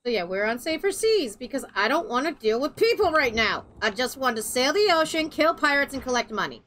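A woman's voice: high voice, big pitch swings, fairly quick, a bit bright. A woman chatting casually and rambling while playing a game with a friend. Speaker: gaming streamer. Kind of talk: casual gameplay chat.

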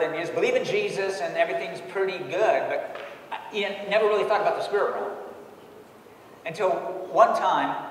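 A man preaching a sermon in a church and telling a personal story, dropping his voice low for quoted lines and laughing often. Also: a little hiss or hum. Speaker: pastor. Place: church sanctuary. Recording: echoey hall, distant mic.

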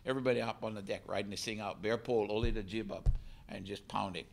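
A man, a canoe crew member telling a lively story to a hall audience and acting out the voices. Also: on the low side, quick pace, gravelly. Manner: animated storyteller, laughs and acts out voices. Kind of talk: storytelling talk.

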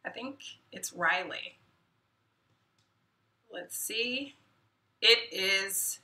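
A woman hosts her own YouTube live stream in casual chat, being self-deprecating and muttering asides to herself. Her fairly high, expressive voice is slow with long pauses and a sharp tone. The mic is at a distance, giving a roomy echo.

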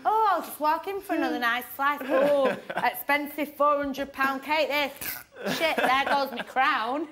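A woman's voice: sits high, fairly bright tone, slight background noise. A woman in a reality show house, ranting late at night with heavy swearing and laughing through her words. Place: shared house bedroom at night.

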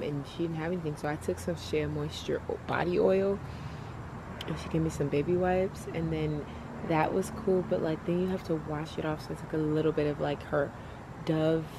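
A woman's voice: on the low side, noisy background. A young woman vlogging to her compact camera, rambling casually and saying "like" and "y'all" a lot. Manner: chatty, rambling, uses "y'all" and "like". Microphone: built-in mic of a compact camera.

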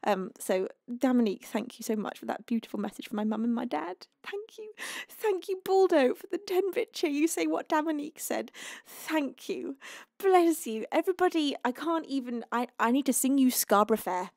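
Woman livestream host, fairly high, gushing and close to tears, dry close-miked sound. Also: animated, a little fast, gravelly, a little mellow, no echo. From United Kingdom. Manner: gushing, emotional, laughing often. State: tearful, close to crying. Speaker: livestreaming singer. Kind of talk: casual chat reading donations.

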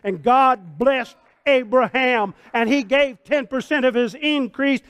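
A man in his sixties preaching a sermon as pastor, folksy and fervent, swinging from hushed talk to shouts. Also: very high voice, a little slow, clean tone, dry recording. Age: 60s.

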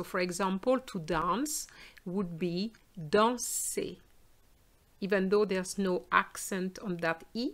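Woman teaching sounds, takes it real slow, says each word twice. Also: mid-range voice, fairly bright tone. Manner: slow, careful, repeats words for learners. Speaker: French teacher. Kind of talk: pronunciation lesson.

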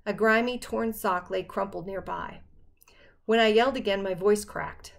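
A woman narrating a first-person novel as an audiobook, in a steady storytelling manner. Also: medium pitch, normal speed, creaky.

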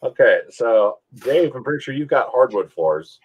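A man's voice: mid-range voice, animated, normal speed, husky, muffled recording. A man chatting casually as a livestream guest over a video call, telling laid-back stories. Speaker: stream guest. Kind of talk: casual chat.

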